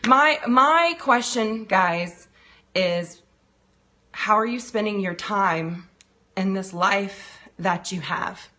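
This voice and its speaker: A woman's voice: mid-range voice, takes it slowly, pushed and bright. A woman coaching on a live stream, greeting viewers by name, then speaking earnestly about loss while holding back tears. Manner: earnest, heartfelt. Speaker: financial and business coach.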